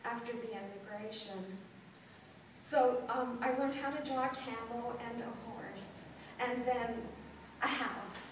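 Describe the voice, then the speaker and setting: A woman in her sixties from Los Angeles, a performance artist telling her life story to a gallery audience in a halting way, with frequent pauses and ums. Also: fairly high pitch, slight background noise. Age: 60s. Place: gallery room before an audience. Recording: very echoey room, distant mic.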